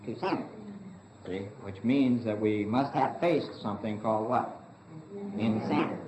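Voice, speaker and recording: A man's voice: on the low side, animated, a little slow, lo-fi sound, noisy background. Man teaching a Big Book study in an echoey room. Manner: asks the room questions and answers them himself, says "see" often. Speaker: study leader. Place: meeting room.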